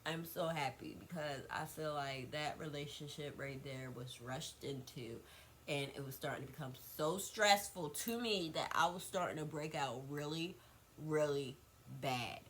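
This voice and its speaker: A young woman vlogger telling a gossipy storytime, animated and repetitive, swearing freely. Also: low-pitched, measured pace, slight background noise, rough recording.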